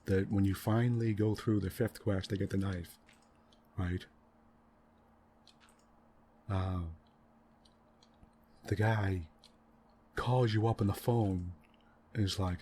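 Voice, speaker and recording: A low-pitched man talking quietly in soft-spoken gaming commentary, rambling on in an exasperated rant and tossing in "right?" and "you know" at every turn. A faint hiss sits under his voice. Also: fairly even intonation, takes it slowly, pauses often. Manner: rambling, exasperated ranting about a game plot; frequent tag questions and fillers. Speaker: gaming channel host.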